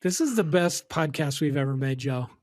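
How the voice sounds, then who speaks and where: A man co-hosting a casual comedy podcast, delivering dry, deadpan jokes. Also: on the high side, no echo. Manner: dry, deadpan jokes, drawn-out name reading. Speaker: podcast co-host. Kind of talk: casual chat.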